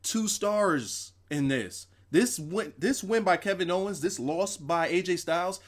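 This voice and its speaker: A young man hosting a casual, profane, animated wrestling review livestream, repeating himself for emphasis. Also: sits high, a little slow. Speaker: wrestling show reviewer, host.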